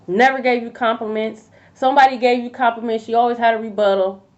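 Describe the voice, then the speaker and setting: A woman's voice: on the high side, little pitch movement, quick pace. A woman giving a tarot reading in a casual, blunt and profane rant. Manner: blunt, profane, fired-up talk. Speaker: tarot reader. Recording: dull lo-fi audio.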